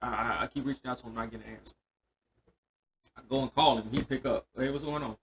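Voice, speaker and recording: A man's voice: mid-range voice, fast, a little hiss or hum. A man co-hosting a casual podcast chat, telling stories and acting out the dialogue of other people. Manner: animated storyteller who acts out quoted dialogue. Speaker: podcast co-host.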